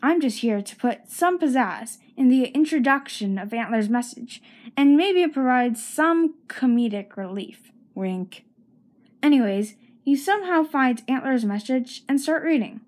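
A woman's voice: sits high, expressive, normal speed, a little mellow. A woman giving a scripted comedic monologue as narrator and host, playful and self-mocking, with sing-song emphasis.

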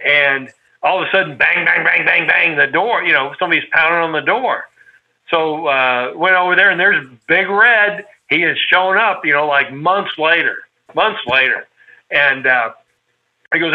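A man spins a long, meandering anecdote in casual chat with a friend. His voice sits a little high, and the recording sounds dull and lo-fi. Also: normal speed. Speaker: storyteller reminiscing with a friend.

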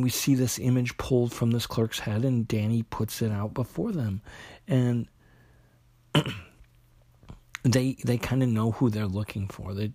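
A man casually recapping a comic book's plot, talking in a halting way with many fillers and restarts. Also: mid-range voice, darkish tone, slightly rough, no room sound. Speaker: comic book reviewer.

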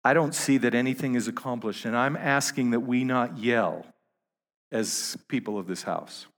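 A man preaching a sermon to his congregation, halting and repeating words, rising to emphatic peaks. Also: mid-range voice, a bit bright, long reverb tail. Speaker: pastor.

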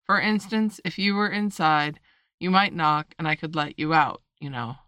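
A woman voicing an aloof male footman who talks slowly and without interest. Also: deep voice, sharp tone, smooth, no echo. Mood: drawling. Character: aloof male frog footman, slow and unbothered.

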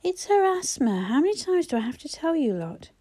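A thick, husky mother, middle-aged and sullen, who snaps and screeches at anyone who crosses her, as a female narrator puts her on. Her voice pushes high and loud above the reader's own mellow tone. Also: very animated, fairly quick. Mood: hostile. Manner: shrill, aggressive screech. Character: hostile middle-aged mother, chain-smoking, bullying.

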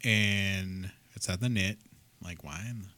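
A man's voice: sits low, unhurried, bright, forceful tone, no echo. A man co-hosting a podcast, telling stories in a blunt, sarcastic way with some swearing. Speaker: podcast co-host. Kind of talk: casual storytelling chat.

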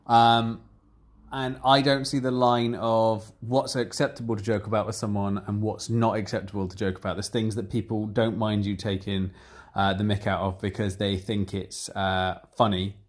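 Guy chatting candidly, rambles a lot, gets lively retelling stuff. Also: on the low side, moderate pace. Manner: candid, rambling, animated when retelling exchanges. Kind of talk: casual chat.

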